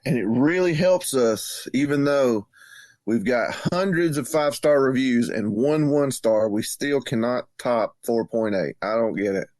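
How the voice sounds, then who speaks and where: A man's voice: mid-range voice, unhurried, a little mellow, dry recording. A man co-hosting a podcast in casual banter, teasing and laid-back. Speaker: podcast co-host.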